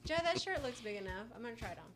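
A woman's voice: fairly high pitch, sing-song, rapid-fire, a bit bright, soft background music. A woman co-hosting a radio show, chatting and teasing in casual banter. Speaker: radio co-host.

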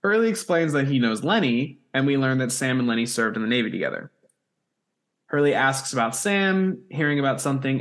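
A man hosting a podcast, recapping an episode in casual chat, jokey and swearing freely. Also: medium pitch. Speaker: podcast host.

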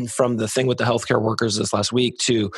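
A man's voice: mid-range voice, steady tone, moderate pace. A man, a pastor, hosting a casual church podcast chat, joking and rambling with self-deprecating asides.

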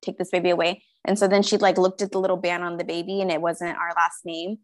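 A woman's voice: fairly low pitch, flat delivery, fast, no echo. A woman in casual podcast chat, telling family stories with laughter and some swearing.

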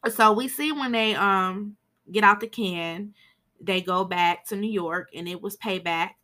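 A woman's voice: medium pitch, a little slow, pushed and bright. A woman hosting a podcast, giving a chatty, frank film recap and swearing now and then for emphasis. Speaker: podcast host.

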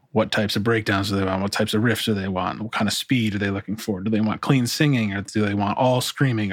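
Male producer, lowish voice, casual and rambling, dry close sound. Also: no room sound. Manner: relaxed, rambling, many restarts and fillers. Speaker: music producer. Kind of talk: casual interview talk.

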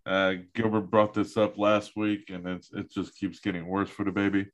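A man's voice: on the low side, level tone, moderate pace. A man hosting a casual podcast chat, loose and profane, reading out news items between banter. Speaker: podcast host.

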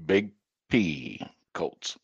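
A man's voice: low-pitched, sing-song, very slow, gravelly, breathy edge, dry recording, highs cut off. A man co-hosting a casual sports podcast from home on a headset, blunt and swearing as he rants. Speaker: podcast co-host. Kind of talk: casual chat.

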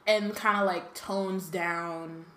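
A woman's voice: on the low side, fairly even intonation, slow pace, bright, forceful tone. Woman podcast host, rambling with fillers, roomy echo, faint hum. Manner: rambling, many fillers and trailing thoughts. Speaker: podcast host leading discussion. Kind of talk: casual chat.

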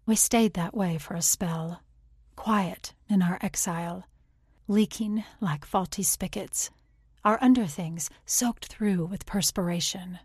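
A woman reading a first-person literary audiobook in a measured, intimate way, slipping into whispers on tender passages. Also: on the low side, breathy edge, dry recording, clean studio sound. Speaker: audiobook narrator.

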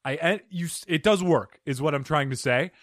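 A man hosting a casual podcast chat, telling animated stories and acting out voices. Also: fairly high pitch, normal speed, no echo, studio quality. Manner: animated storyteller who acts out voices. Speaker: podcast host.

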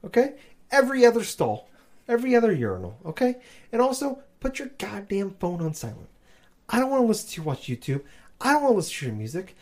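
Brief: tired, delirious man co-hosting, crude and rambling, pitch all over the place. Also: wildly swooping pitch, fast, darkish tone. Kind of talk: casual chat.

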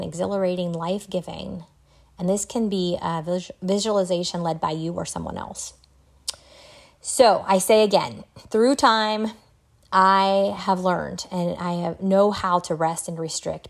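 Low, gravelly woman podcasting. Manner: earnest, reflective, laughs softly now and then. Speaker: podcast host. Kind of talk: solo podcast talk on wellbeing.

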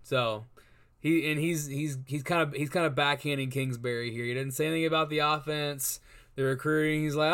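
A man's voice: a little high, fairly even intonation, a little fast, a bit bright, clean tone. A man co-hosting a casual sports chat, rambling and repeating words as he works out his guesses. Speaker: co-host.

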